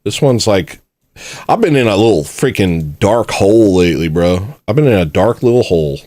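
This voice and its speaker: A man's voice: fairly low pitch, animated, normal speed, a little mellow, dry recording. Blunt rambling livestream host, man. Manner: blunt, rambling, self-mocking. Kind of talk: casual livestream rant.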